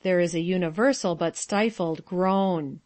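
A woman reading the stage directions of a play in a plain, unhurried way. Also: lowish voice, darkish tone, no room sound. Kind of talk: audio drama narration.

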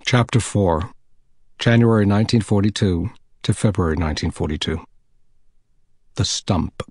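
A man reading a novel aloud in measured, deliberate narration. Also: lowish voice, darkish tone, slightly rough, no echo, clean studio sound. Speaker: audiobook narrator. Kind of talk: scripted narration.

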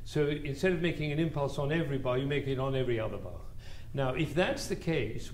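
Older guy coaching a string player, sings da da dum phrases, playful and encouraging, fairly high voice. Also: animated, a little fast, few pauses, a little mellow, slight background noise. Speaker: music teacher leading an interpretation class. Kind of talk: masterclass coaching.

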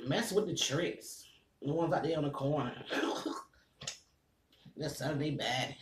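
A man's voice: a little high, slow pace, echoey room, slight background noise. A man with a stuffy nose chatting casually to viewers while he eats at home, breathing a little hard between bites. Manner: chatty, eating between sentences, addresses viewers as y'all. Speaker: food vlogger. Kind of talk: casual eating vlog chat.

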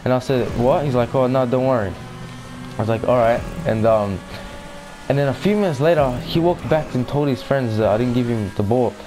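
A man's voice: mid-range voice, animated, a little fast, mellow, soft background music, rough recording. Rambling young guy telling a story. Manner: rambling and casual, lots of fillers and swearing. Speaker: gaming channel host. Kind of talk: casual storytime vlog.

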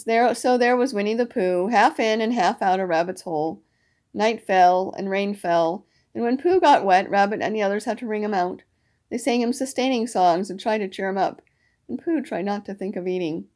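A woman reading a children's storybook aloud. Her narration is even and steady, at a middle pitch. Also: normal speed.

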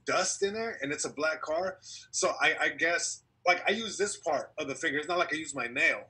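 A young male comedian tells a winding story in relaxed podcast chat, acting out what everyone said. His voice is bright and a little husky. He sounds like he's coming through a video call. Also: on the high side, moderate pace. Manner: animated storyteller, acts out quotes, laughs. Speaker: comedian guest.

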